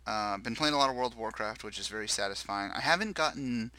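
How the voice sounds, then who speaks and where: A man's voice: medium pitch, quick pace, bright, forceful tone, no echo, rough recording. A man hosting a podcast in casual banter, joking and self-deprecating as he rambles through his week. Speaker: podcast host.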